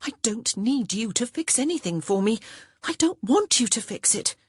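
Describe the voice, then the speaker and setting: A woman's voice: fairly high pitch, very animated, moderate pace, husky, no echo, studio quality, voice pushed up. A woman doing a pleading young society lady. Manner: pleading, breathless, urgent. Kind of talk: audiobook character voice.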